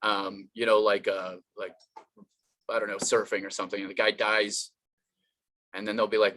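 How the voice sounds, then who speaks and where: A man's voice: lowish voice, level tone, normal speed, pauses often, pushed and bright. A man doing an online stand-up comedy set, rambling and self-deprecating, with many fillers and restarts.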